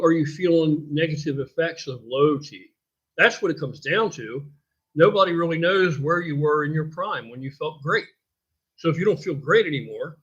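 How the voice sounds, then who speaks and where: A man's voice: fairly high pitch, fairly bright tone, slightly rough. An older man hosting a casual live stream, rambling in a blunt, profane way and answering viewer questions. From United States. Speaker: host. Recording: dull lo-fi stream audio.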